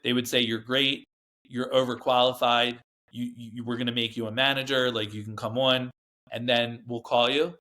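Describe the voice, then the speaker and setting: A man's voice: medium pitch, little pitch movement, moderate pace, pushed and bright. A man, a guest in an interview, recounting his past in a rambling, emphatic way, often acting out what others said. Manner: rambling, emphatic, acts out quoted dialogue. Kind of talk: candid storytelling interview.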